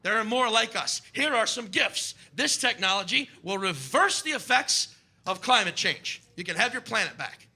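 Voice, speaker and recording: A man voicing calm, formal alien envoys. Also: high voice, vocal fry, husky, heavily acted. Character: calm benevolent alien envoys addressing Earth.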